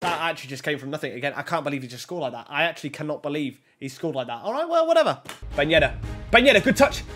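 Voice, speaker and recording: A young man giving excitable commentary on his own football video game match, shouting at big plays. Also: a little high, rapid-fire, soft background music. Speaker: gaming YouTuber. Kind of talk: gameplay commentary.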